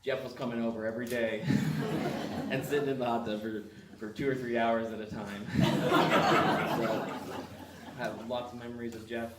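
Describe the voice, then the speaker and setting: A man tells a story about his childhood friend at a memorial, in a plain, even manner. His mid-range voice stays flat in pitch. He is heard from a distance in an echoey hall with noise underneath. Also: a little fast. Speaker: childhood friend giving a eulogy. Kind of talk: memorial tribute speech.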